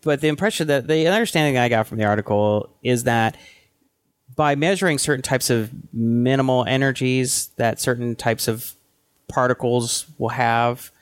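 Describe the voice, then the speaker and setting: A man co-hosting a casual tech podcast, thinking aloud in a loose, halting way with frequent restarts. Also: medium pitch, smooth, no echo, clean studio sound. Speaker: podcast co-host.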